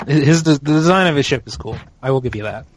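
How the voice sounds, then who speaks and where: A man's voice: mid-range voice, lively intonation, fast, slight background noise. A man hosting a casual podcast chat. He hesitates a lot, restarts his sentences and laughs easily. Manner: hesitant, many ums and restarts, laughs often. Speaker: podcast host.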